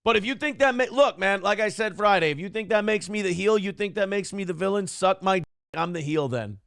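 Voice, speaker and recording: A man's voice: high voice, lively intonation, fairly quick, creaky, fairly bright tone, clear, resonant tone, no room sound, clean studio sound. A man hosting a live stream, ranting combatively and profanely at his chat, boastful and blunt. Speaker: streamer and show host.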